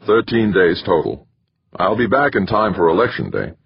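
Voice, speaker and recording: A terse, dry-witted husband, read by a man. The voice is deep and very husky, and it speaks in clipped, tight lines. The recording is dull and lo-fi. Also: sing-song, normal speed, no echo, heavily acted. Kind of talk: audiobook character reading.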